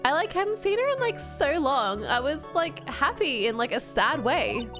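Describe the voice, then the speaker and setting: A woman's voice: high voice, very animated, measured pace. A woman voicing a ditzy young woman witness with a sing-song valley girl lilt, saying "like" constantly. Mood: airy, chatty. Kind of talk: reading game dialogue aloud in voices. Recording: game music playing underneath.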